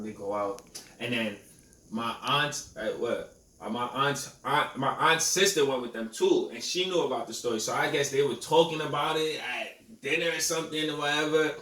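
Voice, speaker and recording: Bright and forceful, this man's medium-pitched voice carries a casual storytelling podcast he hosts in his twenties. He leans on street slang and keeps asking if you feel him. Faint noise, a distant mic, and roomy echo color the audio.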